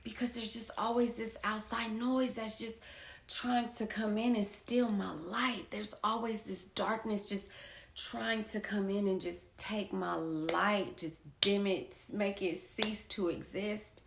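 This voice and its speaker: A woman's voice: medium pitch, fairly even intonation, takes it slowly, gravelly. A woman in her thirties, an artist and poet, telling a personal story in a blunt, profane way and hammering her points with repetition. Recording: echoey room.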